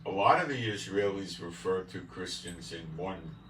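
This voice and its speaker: A man's voice: low-pitched, moderate pace, fairly bright tone, slight background noise. A man with a New York accent giving a folksy bible teaching monologue. He keeps checking in with his listeners. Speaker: channel host. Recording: roomy, distant mic with faint ambience.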